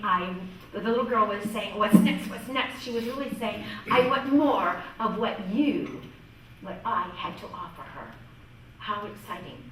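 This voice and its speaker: A woman from northwest Ohio, a music teacher giving a lively storytelling workshop talk to fellow teachers. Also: mid-range voice, slight background noise. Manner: lively, storytelling, quotes voices. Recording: echoey room from far off.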